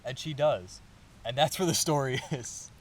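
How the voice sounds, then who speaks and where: A podcast co-host speaks at a medium pitch and a slightly slow pace. He chats casually while recapping a manga plot, animatedly acting out the characters' lines mid-story.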